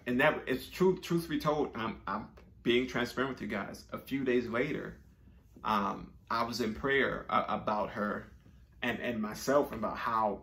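A man tells a personal story in a relaxed, conversational way. His voice has a gravelly, creaky edge. He uses slang and often circles back to repeat himself. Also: medium pitch. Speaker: storyteller vlogger. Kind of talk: casual storytelling.

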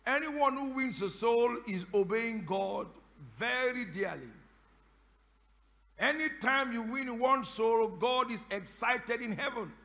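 A man preaching a sermon as pastor, questioning the congregation again and again in call and response and breaking into shouted prayer. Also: very high voice, lively intonation, slow, vocal fry. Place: church service. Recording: echoey church hall.

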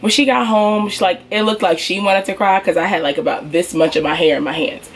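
A young woman getting over a cold, telling her hair story in a casual, animated vlog and speaking to viewers as y'all. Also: mid-range voice, fairly quick, a little hiss or hum. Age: young adult. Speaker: beauty vlogger.

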